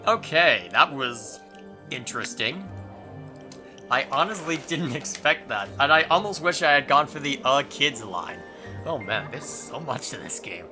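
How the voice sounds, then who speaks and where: A man hosting a let's play, reading dialogue choices and commenting in a wry, relaxed way. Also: mid-range voice, unhurried, soft background music.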